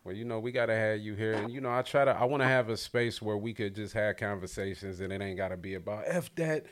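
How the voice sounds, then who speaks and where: A podcast host with a lowish voice talks fast and keeps his intonation fairly even. In a casual interview chat over a video call, he speaks loosely and with slang while hyping up his guest.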